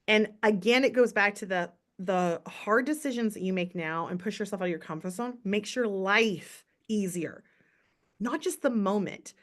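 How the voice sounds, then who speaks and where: On a casual team call, a direct sales team leader in her thirties tells her story in a chatty, motivational way. She speaks at normal speed in a mid-range, fairly bright voice.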